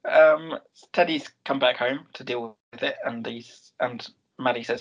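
A man with a gravelly, slightly husky voice walks his co-host through a TV episode. He speaks in a loose, chatty way, quoting the characters as he goes and filling the gaps with "um.". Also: mid-range voice, steady tone, measured pace, a bit bright, dull audio. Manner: storytelling recap with many "um"s and quoted lines. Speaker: podcast co-host recapping a TV episode. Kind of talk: casual chat.

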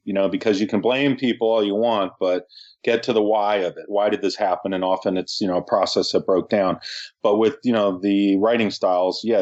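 Low-voiced easygoing man co-hosting. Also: a little mellow, muffled recording. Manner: easygoing, hesitant, many fillers. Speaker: podcast co-host.

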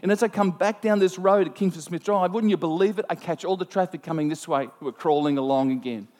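A man preaching a sermon, telling a personal story in an animated, self-mocking way. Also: high voice, fast talker. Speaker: pastor. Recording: long hall reverb.

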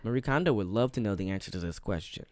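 Man, playful teasing interviewer; lively swings in pitch, dry sound. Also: quick pace, no echo. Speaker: podcast interviewer. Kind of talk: casual chat.

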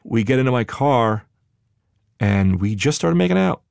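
A young man from New Jersey telling a personal story in a casual, conversational way, getting animated when he relives what he said. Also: mid-range voice, moderate pace, creaky. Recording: music underneath.

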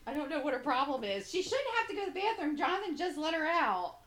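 A woman in a casual podcast chat reacts with quick, giggly exclamations. Her voice swings widely and sounds bright, and the room around her is echoey. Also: sits high, big pitch swings. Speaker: co-host.

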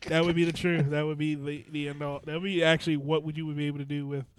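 A man from Washington, D.C., leading the talk on a comedy podcast in a blunt, direct way. His voice sits a little high for a man. The recording is dry, with no room sound. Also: little pitch movement, quick pace, smooth, no echo. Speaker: podcast co-host. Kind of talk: casual comedy banter.

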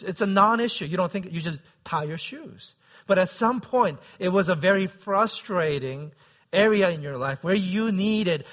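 Male pastor with a high, crisp voice and a conversational preaching manner, on a dull low-fidelity recording. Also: fairly bright tone. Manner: conversational, often asks the listeners "right?". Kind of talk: sermon.

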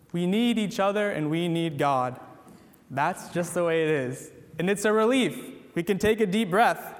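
High-voiced man preaching in a reverberant hall. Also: a bit bright. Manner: earnest, repetitive exhortation. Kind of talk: sermon. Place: church.

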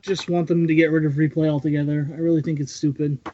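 Blunt, exasperated man, slightly high voice. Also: flat delivery, fast talker, warm tone, dull audio. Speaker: podcast panelist. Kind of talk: casual chat.

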